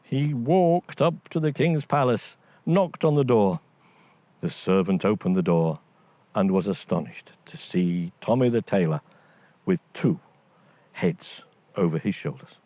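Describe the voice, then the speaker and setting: Animated male storyteller, slow and dry. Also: on the low side, no room sound. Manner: lively, voices each character. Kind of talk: scripted bedtime story narration.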